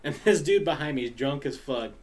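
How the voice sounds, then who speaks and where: A man's voice: mid-range voice, expressive, a little fast, a little mellow. A man hosting a casual podcast chat, telling stories and puns with frequent laughter. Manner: tells stories and puns, laughs through them.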